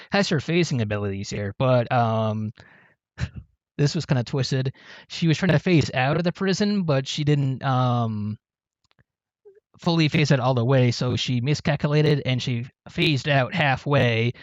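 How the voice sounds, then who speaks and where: A man's voice: mid-range voice, dry recording. A man hosting a casual talk about comics, recapping plots with many ums and restarts. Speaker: podcast host. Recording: dull, dry lo-fi sound.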